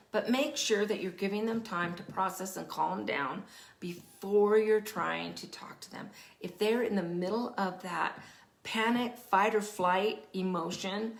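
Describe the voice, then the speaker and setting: A woman of middle pitch talks through parenting advice in a lively, animated way. She acts out children and parents as she quotes them and sometimes drops to a hushed whisper to stress a point. The voice sounds roomy, with a clear echo around it. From Denver area, United States. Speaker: parenting specialist, teacher. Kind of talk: casual explanatory advice talk.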